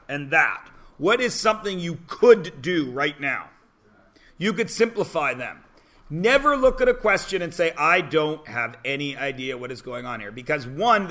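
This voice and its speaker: A man's voice: high voice, sharp tone. A man in his forties teaching a math class in a classroom, chatty and joking with his students. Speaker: high school math teacher. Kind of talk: classroom lecture.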